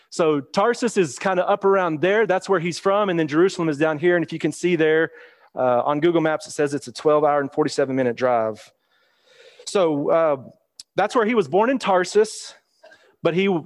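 A man preaching a Bible lesson in a plain, conversational way, reading scripture aloud and explaining it. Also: on the high side. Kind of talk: Bible teaching sermon.

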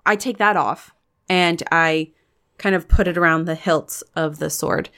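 A woman's voice: on the low side, a little slow, a bit bright. Chatty woman player thinking aloud. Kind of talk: tabletop game play.

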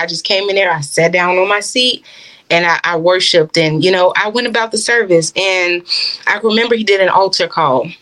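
A young adult woman with a slightly low voice gives a personal faith testimony. She talks in an earnest, heartfelt way, with plenty of fillers. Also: fairly bright tone. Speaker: minister, interview guest.

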